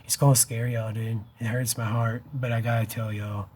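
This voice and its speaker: A man's voice: mid-range voice, level tone, moderate pace, a little mellow, a little hiss or hum. A man in his fifties speaking urgently and emotionally to his camera, pleading with viewers, his voice close to tears, and he keeps saying "dude" and "man". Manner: emotional and wavering, near tears. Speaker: vlogger. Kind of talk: impassioned direct-to-camera vlog.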